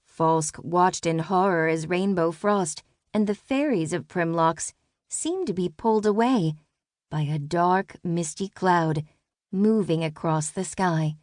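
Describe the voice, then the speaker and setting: A woman reading a children's fantasy audiobook, calm and measured. Her voice sits low and moves slowly, and the recording is close and dry. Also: dry recording. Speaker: audiobook narrator. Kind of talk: scripted children's audiobook narration.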